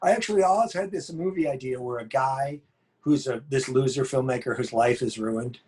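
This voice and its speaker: A man's voice: mid-range voice, brisk, darkish tone, slight background noise. A man, a horror filmmaker guest on a podcast, telling rambling, jokey stories in casual chat.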